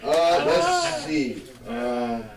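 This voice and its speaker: A male stand-up comic performs a set with a very lively, swooping delivery. The sound is roomy and picked up from a distance, with a crowd laughing in the background. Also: a little high, drawn-out words. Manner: animated storytelling, acts out voices. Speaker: stand-up comedian. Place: comedy club stage. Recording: roomy live venue, mic heard from afar, audience.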